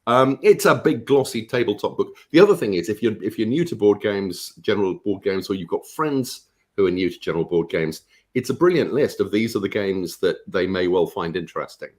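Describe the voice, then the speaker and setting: A man, a guest author on a live stream, talking about his book in a relaxed, jokey way. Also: fairly low pitch, fairly quick. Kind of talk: casual live-stream chat.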